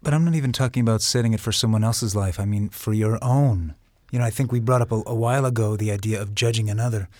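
A man's voice: lowish voice, steady tone, fast, darkish tone, dry recording. A man in a theology discussion, earnestly raising questions about faith and hope. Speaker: discussion participant.

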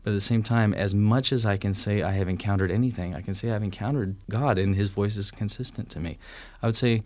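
Man, lowish voice, animated storyteller, acts out dialogue, dry close sound. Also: fast, no room sound. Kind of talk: casual conversation.

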